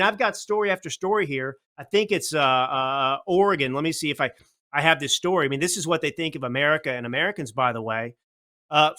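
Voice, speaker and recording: A man's voice: on the high side, sharp tone. A man hosting a political commentary show, talking bluntly and combatively with lots of rhetorical questions. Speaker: show host.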